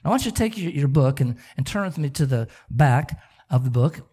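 A man's voice: medium pitch, fairly quick, slightly rough. A middle-aged man preaching a sermon as pastor, repeating words as he talks and asking the congregation rhetorical questions. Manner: animated, stammering repetitions, rhetorical questions.

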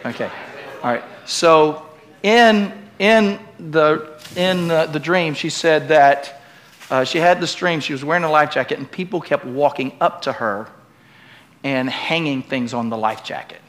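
This middle-aged pastor speaks a little high and a little slow, his church sermon shifting from booming emphasis to laid-back, humorous remarks shared with the congregation.

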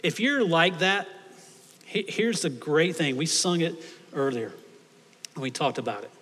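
A male pastor delivers a sermon, pressing his points by repeating phrases. His voice sits a little high for a man. It rings out with long reverb through a church hall. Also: animated, unhurried, fairly bright tone, husky. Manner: emphatic, repeats phrases for stress.

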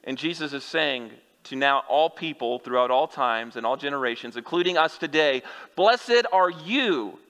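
A man's voice: medium pitch, moderate pace, hardly any pauses, bright, forceful tone, clear, resonant tone. A male pastor preaching a sermon, speaking earnestly and directly to his listeners. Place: church sanctuary. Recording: long church hall reverb.

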